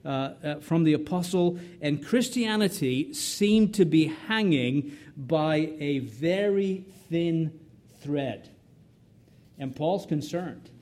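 A man's voice: on the high side, dark tone. A middle-aged man from North America preaching an expository sermon, emphatic, asking rhetorical questions and often tagging "right?" while repeating and restarting words.

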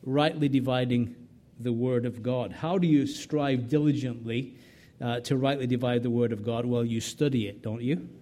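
A man's voice: mid-range voice, steady tone, moderate pace, mellow. A middle-aged man from North America preaching an expository sermon, emphatic, asking rhetorical questions and often tagging "right?" while repeating and restarting words.

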